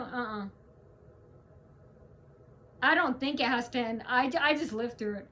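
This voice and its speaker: A woman's voice: sits high, normal speed, pauses often, a bit bright, slight background noise. A woman venting in a casual, rambling vlog rant, restarting her sentences and stressing her points. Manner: rambling, restarts often, emphatic. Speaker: vlogger.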